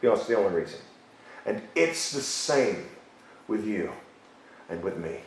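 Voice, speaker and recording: A man preaching a sermon as pastor, emphatic, repeating key phrases and slowing down for stress. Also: lowish voice, big pitch swings. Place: church sanctuary. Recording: very echoey church hall.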